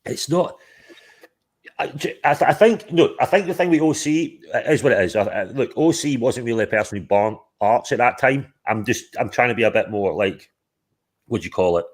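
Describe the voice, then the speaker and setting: A man's voice: medium pitch, expressive, normal speed. A man hosting a livestream, chatting casually in a rambling, sweary way. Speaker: livestream host. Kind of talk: casual chat.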